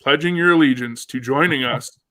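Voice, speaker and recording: A man's voice: mid-range voice, brisk, pushed and bright, a little hiss or hum. A man hosting a casual live fishing show, upbeat and chatty, reading out viewer comments. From Canada. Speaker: host.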